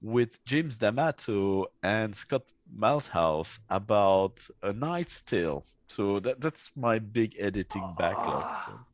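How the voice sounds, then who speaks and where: A man's voice: fairly low pitch, animated, takes it slowly, hardly any pauses, no echo. A man who designs games talking casually, hesitant and full of fillers. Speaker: game designer and podcaster. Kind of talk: casual chat.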